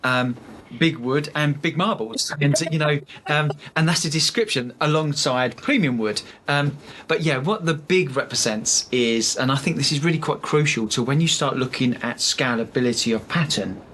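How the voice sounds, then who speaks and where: A man's voice: mid-range voice, moderate pace, fairly bright tone, slight background noise. A man, a guest on a design podcast, telling long stories with fillers and restarts. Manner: chatty storyteller, many fillers and restarts. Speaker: sales rep for architectural film, podcast guest. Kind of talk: casual podcast interview.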